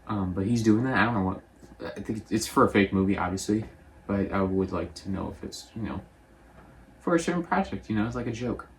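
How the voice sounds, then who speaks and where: Low-voiced young man recapping a movie. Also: slight background noise. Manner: rambling, offhand, quotes characters in quick voices. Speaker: movie reviewer.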